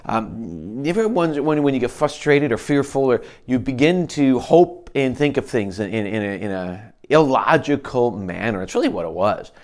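A man's voice: mid-range voice, lively intonation, moderate pace, few pauses, a little mellow. A man preaching. He reads scripture aloud and then explains it in a conversational way, often restarting his sentences. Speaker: pastor. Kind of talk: expository Bible teaching.

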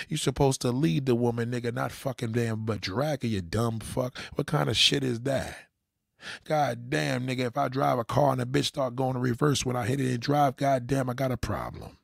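A man's voice: mid-range voice, moderate pace, creaky, dry recording, clean studio sound. A man delivering an angry, profanity-heavy rant as a commentator, talking straight to his audience.

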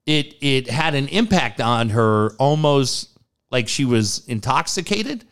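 An animated man tells a personal story in casual conversation. He acts out the other people in the story, and his voice leaps up sharply when he quotes them. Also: slow pace, clear, resonant tone. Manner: animated, acts out quotes with big pitch jumps. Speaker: guest telling a personal story.

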